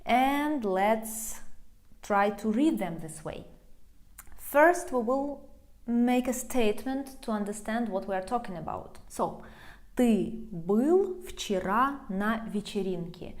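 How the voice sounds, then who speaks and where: A young woman leads a video language lesson and explains each point patiently, step by step. Her voice sits a little high, and she takes her time. Every example gets an unhurried build-up. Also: animated, a little mellow. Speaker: language teacher.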